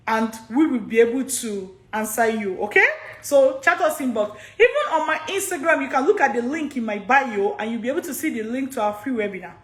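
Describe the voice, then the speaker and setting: A high-voiced woman with a Nigerian accent answers study abroad questions in a live Q&A. She is chatty and laughs often, repeating her points. The recording has a roomy echo. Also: a bit bright. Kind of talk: live social media Q&A.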